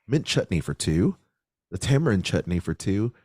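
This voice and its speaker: A man's voice: deep voice, very animated, moderate pace, dark tone, no echo, clean studio sound. A man co-hosting a podcast in casual chat, playful and jokey, laughing often. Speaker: podcast co-host.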